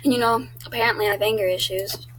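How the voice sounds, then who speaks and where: Teen girl vlogger, mid-pitched, chatty and blunt, faint background hum. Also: steady tone, fast talker, a bit bright, low-quality recording. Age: teens. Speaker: YouTuber. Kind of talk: casual vlog chat.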